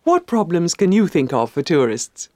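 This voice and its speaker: Male presenter, encouraging quizmaster, animated delivery. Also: a little high, moderate pace, dry recording. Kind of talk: scripted lesson quiz.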